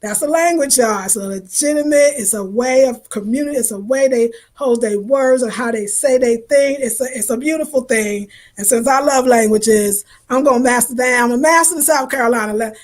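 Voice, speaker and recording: A woman's voice: a little high, a little fast, few pauses. A woman vlogging to her viewers in a rambling, emphatic, colloquial way. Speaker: travel vlogger. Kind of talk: casual spiritual talk to viewers.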